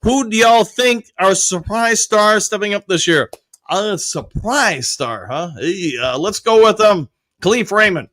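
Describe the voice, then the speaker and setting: Upbeat high bright-voiced male host. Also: expressive, a little slow. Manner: upbeat, chatty, throws in loud whoops. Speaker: show host. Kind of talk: casual livestream chat, reading viewer comments.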